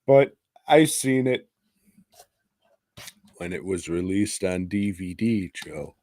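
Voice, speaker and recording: A man's voice: low-pitched, animated, slow, mellow, no room sound. A man co-hosting a movie podcast, recapping a film in crude, jokey casual chat and breaking into silly voices. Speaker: podcast co-host.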